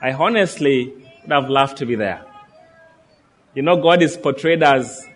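A man's voice: mid-range voice, unhurried, soft background music. A man preaching a sermon, reading scripture aloud and earnestly asking his listeners questions.

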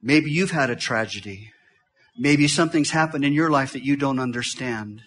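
A middle-aged man preaching a sermon as a visiting pastor in a church, talking fast and swinging from loud bursts to hushed, quiet stretches. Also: medium pitch.

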